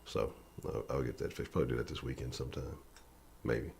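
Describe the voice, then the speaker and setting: A man's voice: extremely low pitch, steady tone, fairly quick, gravelly, darkish tone, slight background noise. A man hosting his sports channel in a casual live-stream chat from his home office, profane and loose.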